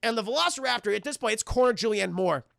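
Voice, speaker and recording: A young man casually reviewing a film for his live chat, animated, swearing and breaking into silly character voices. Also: sits high, fast talker, creaky, no echo, clean studio sound.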